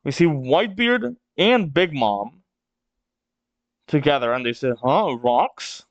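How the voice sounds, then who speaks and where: A man reads through a manga chapter for his channel, reacting with excited gasps and exclamations. His voice sits fairly high and he talks slowly. The sound is dry and a bit dull. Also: dry recording. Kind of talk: casual read-along reaction.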